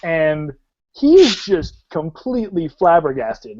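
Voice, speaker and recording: A man running a tabletop game as game master, excitable and loose, often laughing. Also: fairly high pitch, normal speed. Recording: dull lo-fi recording.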